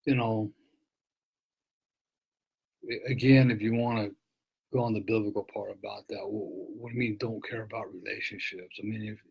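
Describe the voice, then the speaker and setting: An earnest man gives a reflective talk, his low voice gravelly and a little husky. He often restarts and repeats his words as he speaks. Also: fairly even intonation, moderate pace, long pauses, darkish tone, low-quality recording. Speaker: author and abuse-recovery speaker.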